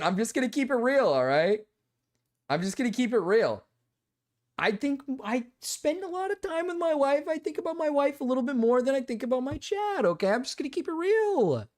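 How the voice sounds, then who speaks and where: A man talking to his livestream chat in a loose, casual way. His pitch swings widely and lively as he goes, and he curses freely and keeps circling back to the same phrases. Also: normal speed. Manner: animated, repeats himself, swears freely. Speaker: streamer reacting to chat.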